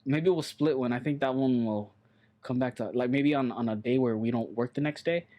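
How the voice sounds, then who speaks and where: A man chatting on a podcast in a loose, rambling way, blunt and quick to swear. His voice sits at an ordinary middle pitch. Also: muffled recording. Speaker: podcast co-host. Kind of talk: casual chat.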